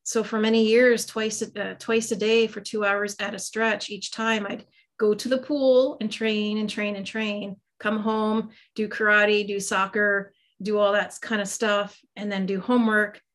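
A middle-aged woman, a psychic medium and Reiki master, is a guest on an interview. Her voice is medium in pitch, flat and unhurried as she chats casually about her life, poking fun at herself and using plenty of fillers.

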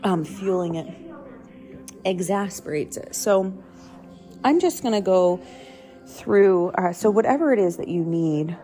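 A low-pitched young woman talks in a loose, conversational devotional style, circling back and fixing her words as she goes. Soft music plays faintly underneath her voice. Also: expressive, measured pace, long pauses. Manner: rambling, self-correcting, conversational. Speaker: podcast host. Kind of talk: casual devotional talk.

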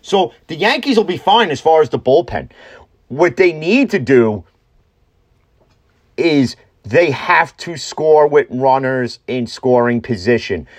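A man talks sports in a blunt, ranting way, swearing freely as he argues his points. His voice sits a little higher than most men's. It is casual, opinionated monologue delivered straight to the listener. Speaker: sports podcast host.

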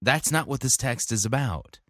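A man's voice: medium pitch, lively intonation, normal speed, pushed and bright, no room sound, studio quality. A man giving critical commentary on sermon clips, sarcastic and exasperated.

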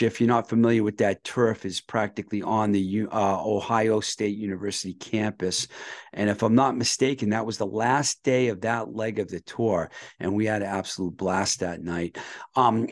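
Podcast host, male, lower voice, dry close sound, loose rambling delivery. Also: no room sound. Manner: relaxed, rambling reminiscing with fillers. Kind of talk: casual chat.

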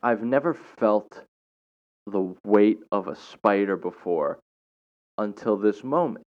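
A very low-voiced young man spins a casual story, dramatic and full of slang. The sound is dull and lo-fi. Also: slow pace. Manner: animated, slangy, dramatic retelling. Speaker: teacher. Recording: dull lo-fi recording.

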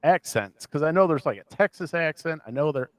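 A man from the American Midwest co-hosting a casual podcast chat, talking in animated, ranting bursts with a self-deprecating streak. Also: a little high, fairly quick, no room sound. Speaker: podcast co-host.

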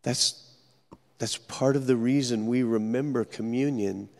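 Male pastor, slow deliberate sermon delivery, gravelly fry, long church reverb. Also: medium pitch, steady tone, darkish tone. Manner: earnest storytelling preacher, dramatic pauses. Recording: echoey hall reverb.

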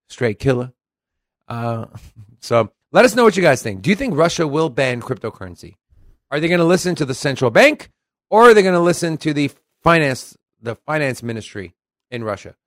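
A man's voice: mid-range voice, no room sound. Guy cohosting a crypto podcast, brash and swears a lot, dry close mic. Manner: brash and profane, animated when reading quotes. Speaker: podcast co-host. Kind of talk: casual crypto news chat, reading articles aloud.

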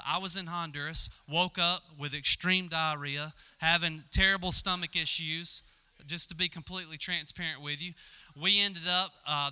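A man's voice: fairly high pitch, pushed and bright, clean tone. A male pastor giving a conversational sermon, telling the story and acting out the dialogue with stammers and fillers.

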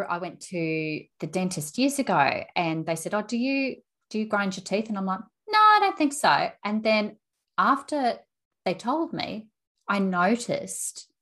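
A woman interviewer with a slightly low voice, affirming and chatty. She repeats and restarts her words as she shares an anecdote in conversation. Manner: warm-hearted affirming, storytelling with restarts. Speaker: interview host.

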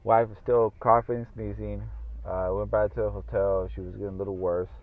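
A man's voice: fairly low pitch, little pitch movement, fairly quick. A man hosting a podcast in casual solo talk, rambling and swearing freely with lots of fillers. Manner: rambling, profane, full of fillers. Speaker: podcast host. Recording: tinny phone-like audio.

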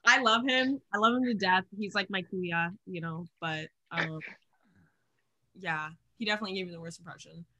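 A young woman co-hosting a podcast in casual, rambling chat, full of fillers and quick laughs. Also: lowish voice, noisy background. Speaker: podcast co-host.

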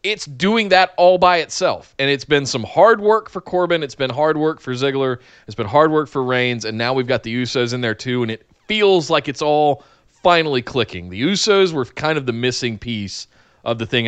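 A man's voice: mid-range voice, fairly bright tone, smooth, dry recording, highs cut off. A middle-aged man co-hosting a casual chat, giving earnest, enthusiastic opinions. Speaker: podcast co-host. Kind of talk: casual wrestling recap chat.

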